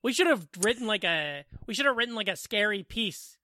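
A man's voice: high voice, animated, fairly quick, pushed and bright, no room sound. A man co-hosting a podcast from home, chatting casually with sarcastic, profane jokes. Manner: joking, profane, sarcastic asides. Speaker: podcast co-host. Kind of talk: casual comedic chat. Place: home living room.

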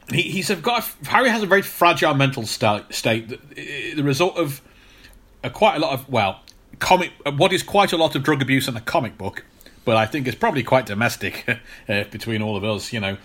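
A man co-hosting a podcast in casual chat, explaining at length with frequent pauses and restarts. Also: medium pitch, expressive, a bit bright, slightly rough. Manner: explanatory, hesitant with many fillers and restarts. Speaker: podcast co-host.

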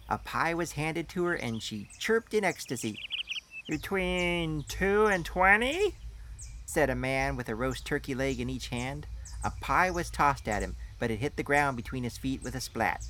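Guy reading a story out loud, dry first-person telling, mid voice. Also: medium pitch, expressive, normal speed, a little hiss or hum. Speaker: narrator. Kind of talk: scripted audiobook narration.

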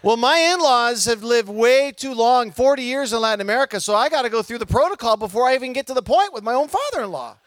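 A middle-aged man preaching a sermon in a conversational, animated way, acting out the people in his stories. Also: extremely high pitch, fast, few pauses, dry recording. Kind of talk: sermon with personal storytelling.

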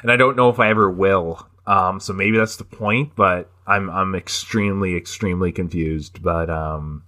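A man's voice: sits low, fairly even intonation, moderate pace, hardly any pauses, pushed and bright. A man co-hosting a podcast, chatting casually about movies, swearing and laughing often as he rambles. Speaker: podcast co-host.

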